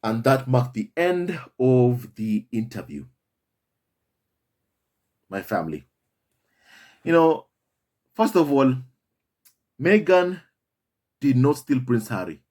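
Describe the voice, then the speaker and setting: Husky-voiced guy ranting on his channel, mid pitch, keeps calling viewers "my family". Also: sing-song, slow pace, pauses often, darkish tone. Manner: emphatic and repetitive, addresses viewers as "my family". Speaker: commentary channel host. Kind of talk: impassioned commentary monologue.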